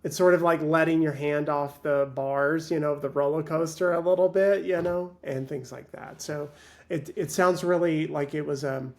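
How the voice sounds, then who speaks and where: A man who works as a life coach, talking as a guest in a reflective, measured way, with many pauses and fillers. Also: a little high, steady tone. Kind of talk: reflective interview talk.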